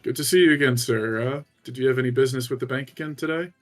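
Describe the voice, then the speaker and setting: A man's voice: medium pitch, very fast, faint music behind, lightly acted. A man voicing an irritated male Dragonborn security chief who is barely holding on to his politeness. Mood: exasperated. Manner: clipped, exasperated politeness.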